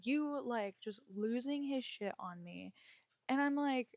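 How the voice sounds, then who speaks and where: A woman's voice: a little high, unhurried, no room sound. A young woman hosting a podcast, telling a personal story in a frank, emotional way, swearing freely and using lots of fillers. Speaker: podcast host.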